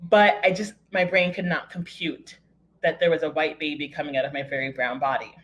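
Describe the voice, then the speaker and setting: A woman telling a personal story to an audience from home, candid and wry, with self-mocking humor and hesitant pauses. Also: sits low, steady tone, fairly bright tone, dull audio.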